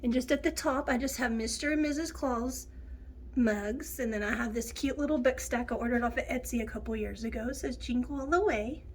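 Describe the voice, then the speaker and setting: A woman's voice: a little high, a little fast, slight background noise. A middle-aged woman giving a chatty home tour, nasal and sniffling from a cold. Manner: chatty, homey, lists items one by one. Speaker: home decor vlogger. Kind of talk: casual home tour narration.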